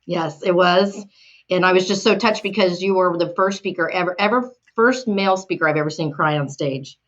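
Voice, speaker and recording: Low-voiced woman host, soft and admiring. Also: moderate pace, dull audio. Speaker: podcast host. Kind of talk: interview.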